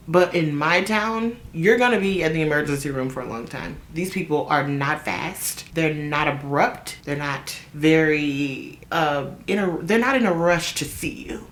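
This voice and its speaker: Low-voiced woman telling a chatty storytime. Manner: animated, chatty storytelling with asides to viewers. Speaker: vlogger. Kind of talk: casual storytime while getting ready. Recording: roomy echo.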